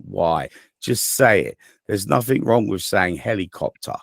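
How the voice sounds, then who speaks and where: Gravelly low Englishman, chatty co-host. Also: sing-song, moderate pace, dry recording, studio quality. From England. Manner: joking, chatty, trails off with "you know". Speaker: podcast co-host. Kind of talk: casual podcast chat.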